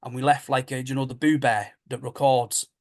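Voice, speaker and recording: A man telling ghost stories in a rambling, repetitive way, his voice low-middle and fairly flat. He keeps looping back and retelling what people said, like a guest chatting on a podcast. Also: brisk. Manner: rambling, repeats himself, retells dialogue. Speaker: paranormal investigator guest. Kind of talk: casual storytelling.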